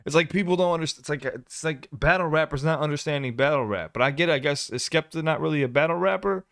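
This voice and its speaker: A man hosting a reaction video in casual commentary, talking excitably with stumbling restarts and sudden jumps from loud outbursts to quiet mutters. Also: a little high, fast, dry recording, clean studio sound.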